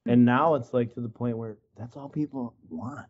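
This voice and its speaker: A man's voice: medium pitch, normal speed, dull audio. A man from Wisconsin telling stories as a guest, rambling and peppered with "like" and "you know". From Wisconsin, USA. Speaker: guest artist. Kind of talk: casual storytelling in an interview. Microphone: video call.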